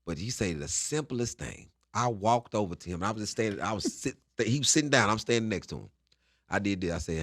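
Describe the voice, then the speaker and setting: A man's voice: lowish voice, fairly quick, breathy edge, no room sound. A male comedian telling stories from his past as a guest in a studio interview, acting out the scenes. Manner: animated storyteller acting out scenes. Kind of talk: storytelling interview.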